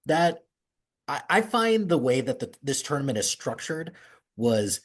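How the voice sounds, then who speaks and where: A man hosting a casual podcast chat over an internet call, rambling and relaxed with many restarts. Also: medium pitch, measured pace, slightly rough. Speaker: podcast host. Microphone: remote call over internet.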